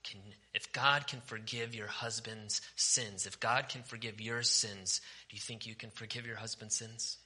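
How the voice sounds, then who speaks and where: A male pastor preaching a sermon with passion, moving from forceful declarations down to hushed, almost whispered lines. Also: on the low side, steady tone, moderate pace, few pauses. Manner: impassioned, swings from forceful preaching to near-whispers.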